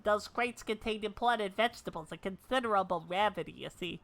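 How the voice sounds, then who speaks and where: A woman voicing a nervous, worried male cook's assistant in a video game, speaking lower and softer than her own voice. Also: fairly quick, natural voice. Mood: fretful.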